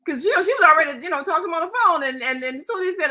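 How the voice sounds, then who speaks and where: A woman's voice: very high-pitched, expressive, very fast, pushed and bright, low-quality recording. An older woman and co-host, rambling through a family story in casual chat with many restarts.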